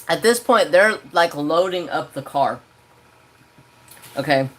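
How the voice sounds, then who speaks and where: A man telling a story on his crafting livestream, talking casually from home. His delivery is animated and ranting, and he swears freely. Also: fairly high pitch, measured pace, pauses often. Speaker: crafting channel host.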